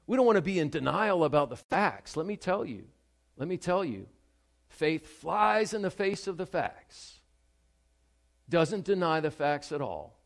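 Preaching as pastor, this man addresses the congregation in a forceful, direct way, with a fairly high-pitched voice. He drops to near silence, then builds back up loudly, repeating important phrases to drive them home.

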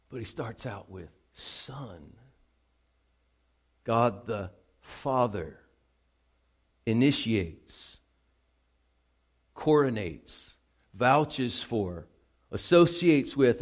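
A man preaching a sermon, moving from calm teaching to loud, excited emphasis. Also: mid-range voice, takes it slowly, pauses often. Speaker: pastor.

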